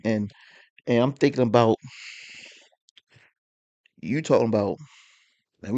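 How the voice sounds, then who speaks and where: A man rants about politics to his audience at a medium pitch. He rambles, leans on slang, and keeps firing rhetorical questions in a heated tone. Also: warm tone. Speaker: online commentator. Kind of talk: political rant.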